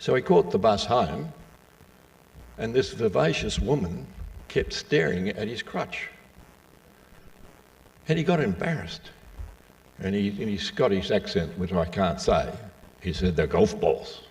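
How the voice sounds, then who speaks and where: An older man from Western Australia, telling stories and jokes to a live audience in a slow, folksy way with asides to the crowd. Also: lowish voice, big pitch swings, gravelly, darkish tone, far from the mic, low-quality recording. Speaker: speaker giving a talk.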